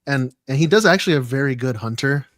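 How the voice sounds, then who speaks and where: A man's voice: medium pitch, animated, fast, a bit bright, dry recording, clean studio sound. A man co-hosting a fan podcast, chatting casually and often repeating his first words. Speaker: podcast co-host. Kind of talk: casual chat.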